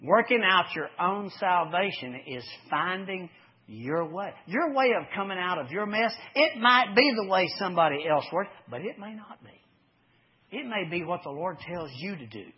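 A man preaching a folksy sermon, swinging from loud to hushed as he tells sports stories. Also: sits high, lively intonation, normal speed, slightly rough. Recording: dull lo-fi recording.

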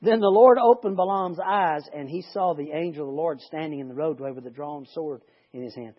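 A man's voice: on the high side, brisk, slightly rough. A man leading a Bible study, reading scripture and breaking off into rambling, joking asides. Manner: chatty, rambling, self-interrupting. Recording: lo-fi recording.

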